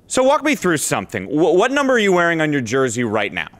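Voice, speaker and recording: A man's voice: on the high side, huge pitch swings, fast, a bit bright. A man hosting a sports TV interview, asking questions in an upbeat, conversational way. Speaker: sports TV host.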